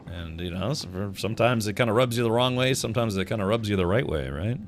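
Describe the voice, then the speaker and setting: Lively, chatty male game streamer. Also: on the low side, quick pace, faint music behind. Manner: chatty, rambling, chuckling, joking with chat. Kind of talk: casual gameplay commentary.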